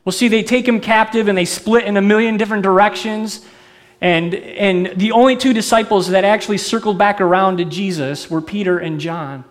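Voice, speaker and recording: A middle-aged male pastor giving an animated, conversational sermon, often putting questions to the congregation. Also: high-pitched, normal speed.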